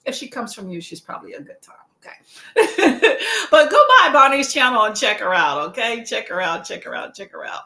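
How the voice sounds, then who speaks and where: A woman's voice: a little high, very animated, moderate pace, bright, forceful tone, reverberant. A woman hosting a casual reading livestream, chatting to her viewers, laughing often and repeating her phrases. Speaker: booktube livestream host.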